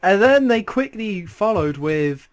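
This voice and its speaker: A young man hosting a podcast in casual chat, talking quickly with sarcastic asides. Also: sits high, very animated, a little hiss or hum. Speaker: podcast host.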